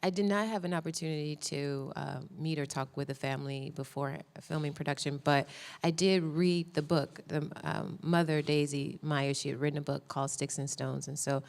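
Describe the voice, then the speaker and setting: A woman, an actress at a press conference, speaking in an earnest, measured, heartfelt way. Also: low-pitched, steady tone, gravelly, a little mellow.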